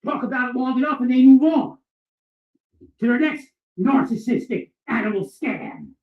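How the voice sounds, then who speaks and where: A man delivering a furious, profane ranting monologue and often shouting. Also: very high voice, moderate pace. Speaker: vlogger. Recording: echoey, distant, dull sound.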